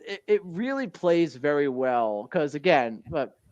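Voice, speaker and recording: A man's voice: fairly high pitch, sing-song, unhurried, a little mellow, dry recording, lo-fi sound. A man co-hosting a casual podcast, rambling and laughing often as he recounts scenes. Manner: rambling, laughs often, quotes lines in a put-on voice. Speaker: podcast co-host. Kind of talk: casual chat.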